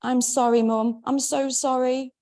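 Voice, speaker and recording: A woman's voice: on the high side, animated, unhurried, dark tone, pitched above the performer's own voice. A woman reading a memoir aloud, voicing her guilty, frightened teenage self pleading with her mother. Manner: pleading, tearful.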